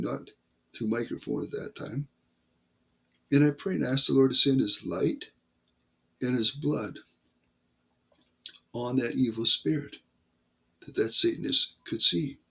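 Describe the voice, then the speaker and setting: Older man, gravelly and husky, bright edge, halting personal testimony with acted-out quotes. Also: mid-range voice. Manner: halting, acts out quoted dialogue. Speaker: Christian storyteller. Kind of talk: personal testimony, casual retelling.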